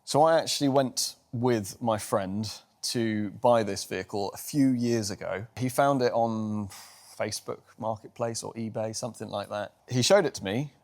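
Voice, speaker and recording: A man's voice: fairly low pitch, moderate pace, a little mellow. A man, hosting a casual car vlog outdoors and telling the story behind the vehicle in a chatty, enthusiastic way. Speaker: car vlogger.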